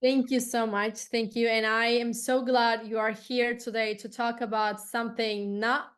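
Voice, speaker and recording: A woman's voice: a little high, little pitch movement, measured pace, a bit bright, clear, resonant tone. A woman hosting a podcast interview, speaking in an earnest, emphatic and heartfelt way. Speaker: podcast host.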